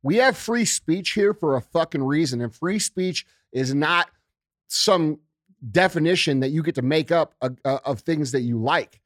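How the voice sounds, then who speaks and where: A man's voice: on the high side, animated, moderate pace, no echo, clean studio sound. A man co-hosting a casual political talk show, ranting heatedly and swearing often. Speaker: podcast co-host.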